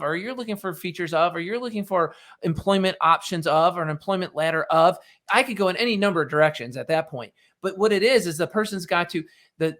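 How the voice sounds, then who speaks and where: A middle-aged man with a slightly high voice talks through business advice on a podcast. He is animated and conversational, and he slips into quick acted-out bits of dialogue to make his point. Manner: animated, acts out little dialogues. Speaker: podcast host.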